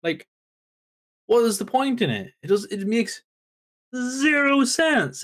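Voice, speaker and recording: A man's voice: extremely high pitch, lively intonation, measured pace, a bit bright. A man co-hosting a wrestling podcast, ranting in an exasperated, emphatic way in casual chat. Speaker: podcast co-host.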